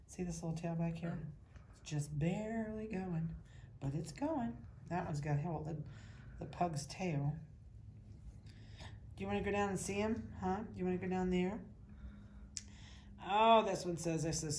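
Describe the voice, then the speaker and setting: A dog breeder with a Midwestern American accent chatting casually indoors, cooing baby talk at puppies and voicing their thoughts. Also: female voice, fairly low pitch, moderate pace, long pauses, darkish tone, slight background noise. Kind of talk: casual chat to puppies and camera. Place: indoors at a kennel.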